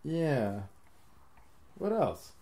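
A man's voice: a little high, very animated, extremely slow, warm tone. A man hosting a podcast, rambling through his ideas in casual chat, laughing often and swearing freely. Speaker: podcast host.

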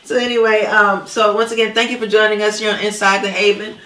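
A woman's voice: mid-range voice, level tone, fast, background noise. Woman, talk show host, chatty, uh and um often, echoey room, mic set far off. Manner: warm affirming, many fillers and uh's. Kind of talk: casual interview chat. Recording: roomy, distant mic.

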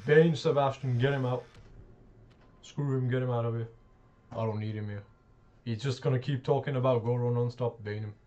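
A man's voice: mid-range voice, steady tone, moderate pace, pauses often, darkish tone. A man streaming gameplay live, talking with brash, profane trash talk. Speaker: game streamer. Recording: dull lo-fi mic with faint noise.

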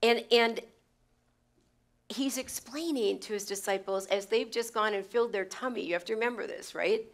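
Here she speaks at normal speed in a fairly high register. In a conversational Bible lesson marked by stumbles and restarts, she repeats key phrases for emphasis and checks in with those listening.

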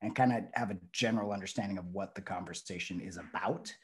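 A man's voice: low-pitched, fast. A male pro wrestler talking casually as an interview guest, rambling with lots of fillers and restarts.

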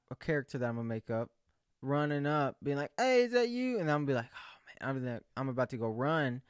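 A man's voice: medium pitch, dry recording, clean studio sound. A young man rambling casually and joking in a solo video chat, often correcting himself. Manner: rambling, jokey, self-correcting. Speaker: vlogger.

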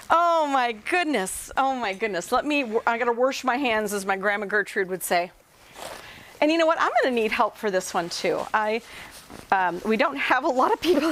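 A woman's voice: a little high, fairly bright tone, a little hiss or hum, rough recording. A woman giving a home cooking demonstration in a kitchen, talking to viewers in a chatty, folksy and playful way.

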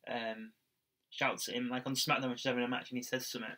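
A young man chats his way through a wrestling review, rambling and restarting as he goes. His voice is bright and forward, set at a middle pitch. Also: flat delivery, quick pace. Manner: rambling, chatty, with fillers and restarts. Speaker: podcast co-host. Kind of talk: casual chat reviewing wrestling.

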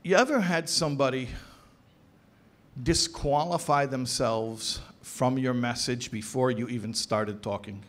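A man speaking as a rabbi at an educators' convention, lecturing with emphasis, repeating phrases for stress and slowing down on key words. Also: medium pitch. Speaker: rabbi giving a talk to educators. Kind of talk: conference lecture. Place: convention hall.

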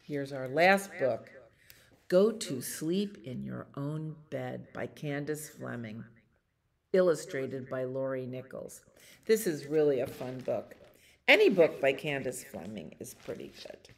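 A woman librarian reading a bedtime picture book aloud to children, gently and animatedly. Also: a bass voice, animated, a little slow, creaky.

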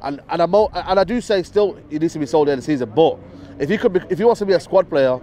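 Fast-talking, fired-up football fan man. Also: on the high side, expressive. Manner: passionate and emphatic, repeats "absolutely" and "you know what I mean", swears. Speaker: football fan giving a post-match reaction. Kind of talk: outdoor fan reaction interview. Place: outdoors near a stadium. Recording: loud street noise outdoors.

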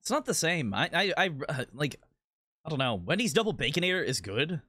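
A man streaming a game, chatting casually in a rambling, profane, animated rant. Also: fairly high pitch, fairly quick, breathy edge, dry recording, studio quality.

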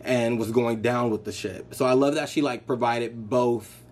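A man giving casual, excitable reaction commentary on an album he is hearing. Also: mid-range voice, normal speed, heavy background noise. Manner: excitable, chatty, gushing. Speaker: music reaction vlogger.

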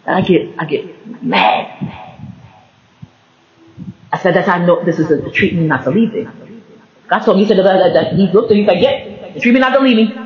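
A man's voice: high-pitched, moderate pace, pauses often. A man talking in a casual faith-based monologue, rambling, laughing often and restarting mid-thought. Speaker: vlogger. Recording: roomy, slightly dull recording.

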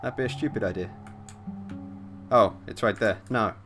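With faint music behind him, a man with a lowish, somewhat bright voice comments at a normal pace on a horror game he's playing. He records on a desk mic with facecam, reading text aloud, jumping at scares, and cursing a lot.

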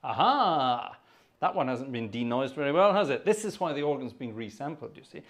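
A man's voice: mid-range voice, big pitch swings, moderate pace, a bit bright. A man hosting an organ music livestream, chatting in a rambling, self-mocking way between pieces and a bit out of breath. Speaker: host. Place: home room with a digital organ.

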